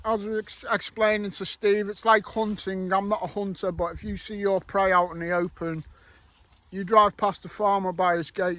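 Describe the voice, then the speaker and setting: A man's voice: sits high, pushed and bright, no echo, poor audio. A middle-aged man chatting jokily to viewers while out metal detecting in farm fields. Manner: jokey, rambling, addresses viewers. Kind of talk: casual chat to camera.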